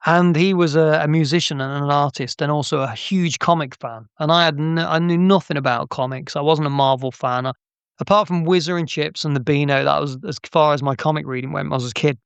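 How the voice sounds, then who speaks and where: A man's voice: fairly high pitch, fairly even intonation, brisk, vocal fry, clear, resonant tone, no room sound, muffled recording. A middle-aged man, an interview guest, telling anecdotes in a chatty way with frequent restarts and laughs. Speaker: interview guest, game artist. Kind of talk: casual interview storytelling.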